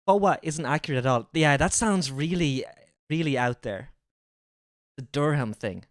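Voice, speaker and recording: A woman's voice: low voice, animated, unhurried, no room sound, studio quality. A woman streamer chatting casually and playfully repeating words in mock accents. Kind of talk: casual livestream chat, imitating accents.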